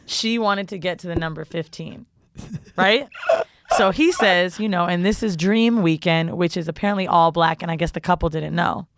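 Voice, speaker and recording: A woman's voice: fairly low pitch, moderate pace, no echo. A woman co-hosting a casual podcast, telling crude travel stories with lots of swearing and quoting people she met. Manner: animated storyteller, profane, quotes others in voices. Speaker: podcast co-host. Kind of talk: casual storytelling chat.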